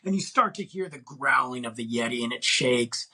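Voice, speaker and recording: Man, middle-aged, podcast host, husky voice, casual rambling chat, lots of fillers. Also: mid-range voice, animated, moderate pace, bright, forceful tone, poor audio. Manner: rambling storytelling with many fillers.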